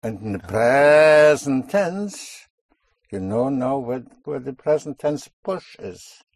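A man's voice: medium pitch, big pitch swings, slow pace, vocal fry, mellow, slightly rough, dry recording. A man teaching a language lesson, patiently repeating and correcting a student's answers. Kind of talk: guiding a student through spoken drills.

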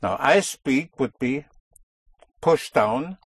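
Slow, husky-voiced male language teacher. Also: medium pitch, animated, no echo. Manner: slow, patient, drills words and asks "yes?". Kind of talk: spoken language lesson.

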